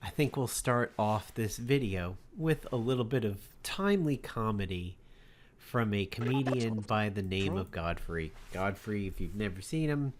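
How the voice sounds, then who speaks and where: Guy with a lowish voice chatting through political news, loose and wry. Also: animated, moderate pace, a little hiss or hum. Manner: loose, conversational, with fillers and wry asides. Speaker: political commentary host. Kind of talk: casual commentary monologue.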